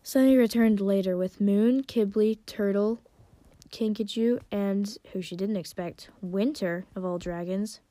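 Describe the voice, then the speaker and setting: A woman's voice: medium pitch, unhurried, dark tone, no echo. Casual woman reading a story aloud. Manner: casual, stumbles and corrects herself. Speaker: podcast host reading fan fiction.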